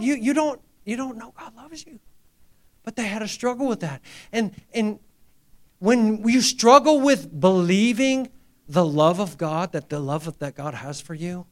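A middle-aged male pastor preaching a testimony sermon, dropping to near-whispers and rising to loud, emphatic lines, acting out quoted dialogue. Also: sits high, lively intonation, normal speed. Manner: acts out quoted dialogue in a raised voice.

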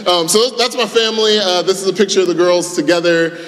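A man, preaching a sermon in a conversational, self-deprecating way, moving from hushed prayer to loud animated storytelling. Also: high voice, fairly quick, noisy background. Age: 30s. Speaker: pastor. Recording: echoey hall with long reverb.

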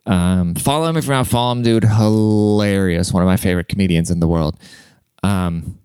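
A young man rambles through a casual podcast monologue, swearing freely and laughing as he goes. His voice is low and smooth, recorded dry and close with no room echo. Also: fairly quick, darkish tone. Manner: rambling, profane, laughs often. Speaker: podcast host.

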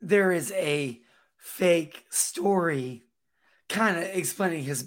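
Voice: medium pitch, slow pace. A podcast co-host in casual chat, chiming in on a film's background.

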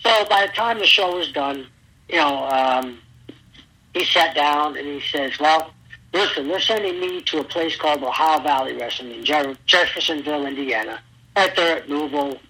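Animated husky bright-voiced man telling stories. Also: a little high, moderate pace, poor audio. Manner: animated storyteller, acts out quotes loudly. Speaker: guest, former pro wrestler. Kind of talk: storytelling interview.

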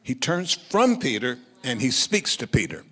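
A male pastor preaching a sermon, telling the story in a lively way and calling on the congregation to repeat phrases. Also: medium pitch, unhurried, breathy edge, big-room sound.

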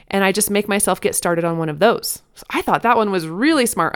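A woman's voice: mid-range voice, clear, resonant tone. A woman in her thirties hosting a parenting talk, chatting earnestly with many restarts and fillers. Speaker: parenting podcast host. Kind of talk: casual advice talk.

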